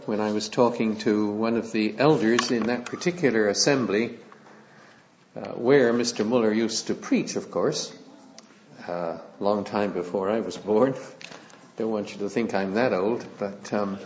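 A middle-aged man preaching a sermon in a measured way, with frequent hesitant fillers. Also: on the low side, darkish tone, slight background noise. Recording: slightly dull, lo-fi recording.

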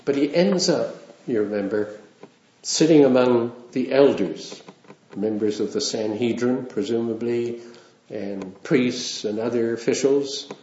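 A man's voice: mid-range voice, a little slow, warm tone, a little hiss or hum. A man preaching a sermon in a conversational way, with wry asides and small chuckles. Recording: roomy, dull lo-fi sound.

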